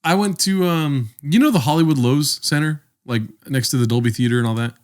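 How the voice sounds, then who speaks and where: A man's voice: fairly high pitch, a little fast, darkish tone. Rambling young man telling a story. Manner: rambling storyteller, swears a lot. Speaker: podcast co-host. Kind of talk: casual chat.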